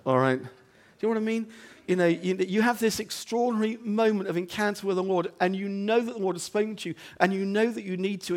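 A man preaching a sermon as the pastor of his church, talking conversationally with rhetorical questions and "okay?" asides, dropping to hushed lines and rising to loud emphatic ones. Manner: swings between hushed low moments and loud emphatic stretches. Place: church building.

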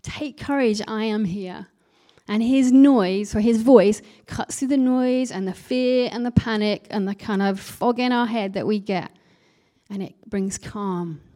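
Woman giving a sermon, chatty and reflective, warm mellow voice, lots of questions to the room. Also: mid-range voice, unhurried. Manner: conversational, reflective, with rhetorical questions. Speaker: preacher.

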